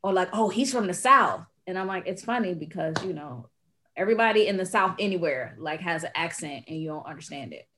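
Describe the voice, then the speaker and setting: Animated storytelling woman in casual chat. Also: lowish voice, quick pace, crowd noise. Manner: animated storyteller acting out quoted voices.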